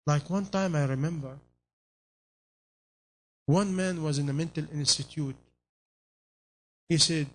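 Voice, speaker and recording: High-voiced man preaching emphatically. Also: moderate pace, pauses often. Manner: emphatic, repeated rhetorical questions; non-native English phrasing. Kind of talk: sermon.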